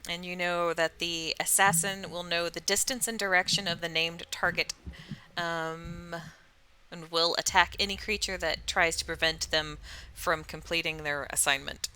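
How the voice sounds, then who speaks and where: A woman game master narrating a tabletop role-playing session. Her voice is somewhat low yet bright and crisp, and her delivery is casual and hesitant, broken by easy laughter. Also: fairly even intonation, moderate pace.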